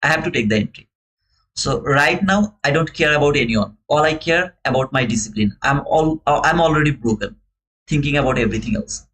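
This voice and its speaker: A man's voice: a little high, fairly quick, a bit bright, rough recording. A young man with a non-native English accent, talking viewers through his live trades in a casual, earnest way and calling them brother. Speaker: live-stream futures trader and host. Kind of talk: casual live trading commentary.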